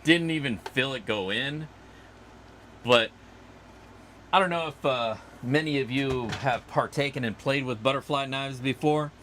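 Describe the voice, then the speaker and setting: A man hosts a casual outdoor livestream in a medium-pitched, slightly bright voice, speaking a little slowly over a faint hiss or hum. He rambles and chats as he responds to viewer comments.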